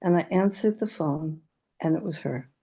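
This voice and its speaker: A woman, a medium and author, telling stories calmly and reflectively in an interview, with small stumbles. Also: low voice, normal speed, vocal fry, slightly rough, highs cut off. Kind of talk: conversational interview.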